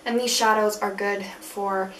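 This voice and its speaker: A woman's voice: mid-range voice, level tone, a little slow, distant mic, heavy background noise. A young woman reviewing beauty products in a casual chat, frank and full of fillers. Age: young adult. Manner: chatty, frank, many fillers. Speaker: beauty vlogger. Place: room at school.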